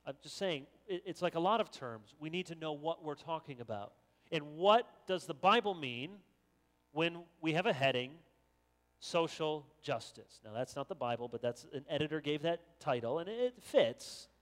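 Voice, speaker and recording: A pastor preaching a sermon, measured and deliberate, slowing down to stress key phrases and reading scripture aloud. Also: male voice, fairly high pitch, lively intonation, big-room sound.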